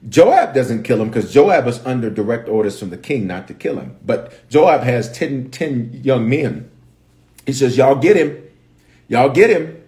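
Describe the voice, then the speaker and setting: On a livestream, a bishop from Memphis, judging by his accent, teaches Scripture in a mid-range voice. He acts out the characters in the story with lively, animated voices.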